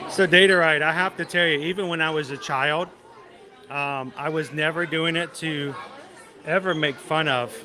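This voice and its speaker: A man's voice: on the high side, steady tone, normal speed. A man hosting a casual livestream from a busy theme park, chatting, greeting viewers by name and laughing easily. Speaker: livestream host. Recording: loud crowd noise outdoors. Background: crowd chatter.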